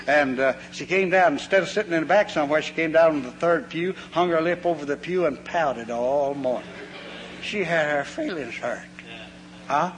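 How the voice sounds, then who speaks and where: A man preaching a folksy sermon, telling homespun stories and acting out the voices in them. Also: on the high side. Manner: homespun, animated, acts out voices in anecdotes. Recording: long hall reverb, faint hum.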